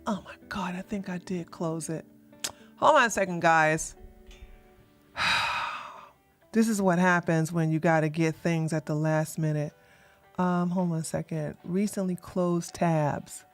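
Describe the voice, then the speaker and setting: A woman's voice: fairly low pitch, fairly even intonation, unhurried, pauses often, soft background music. A woman hosting a casual livestream, rambling and flustered as she fixes her setup while talking bluntly and sassily to her chat. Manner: blunt and sassy, mild cursing. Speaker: livestream host.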